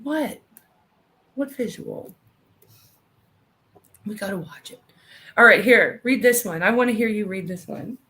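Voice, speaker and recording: A woman in her thirties co-hosting a podcast, chatting casually, reading out live comments and telling quick stories with a lot of giggling. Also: mid-range voice, animated, bright, forceful tone. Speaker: podcast co-host.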